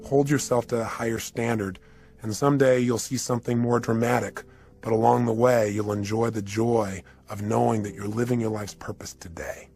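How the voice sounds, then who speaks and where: A man giving a motivational speech, retelling a story dramatically, swinging from hushed to urgent. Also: mid-range voice, steady tone, normal speed, creaky, soft background music. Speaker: motivational speaker.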